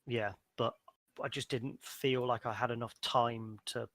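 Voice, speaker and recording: A man in a casual podcast chat, talking as the game master who ran the session. He rambles in an animated way with plenty of fillers. His voice sits at a middle pitch, and the recording is dry and close. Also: measured pace, no room sound.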